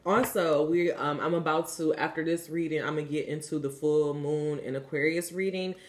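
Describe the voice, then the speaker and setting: A woman's voice: low-pitched, fairly even intonation, normal speed. A woman giving a casual spiritual card reading, talking candidly and coaching the listener, with frequent fillers and some swearing. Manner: chatty and candid, swears freely, many "like" fillers; coaching, asks the listener if they understand. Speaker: spiritual reader.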